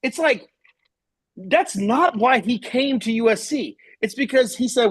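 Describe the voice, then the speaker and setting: Animated, ranting man with a husky voice. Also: very high-pitched, unhurried. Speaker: podcast co-host. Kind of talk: casual sports talk.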